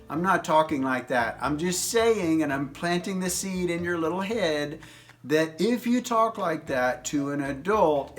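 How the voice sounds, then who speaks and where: A man's voice: fairly high pitch, a bit bright. A man in his fifties hosting an advice video, lecturing young people in a teasing, jokey way. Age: 50s. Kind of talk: casual advice monologue.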